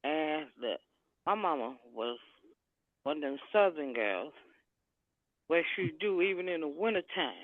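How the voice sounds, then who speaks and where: A woman calling in to a group video chat, telling folksy stories in a lively, down-home way over the phone. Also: deep voice, measured pace, pauses often, no room sound. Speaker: caller. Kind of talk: casual storytelling. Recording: tinny phone line.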